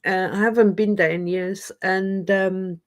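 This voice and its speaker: Slow-talking woman. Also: mid-range voice, steady tone. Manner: rambling, chatty, self-deprecating. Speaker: livestream host. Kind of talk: casual live stream chat. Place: lives in Scotland.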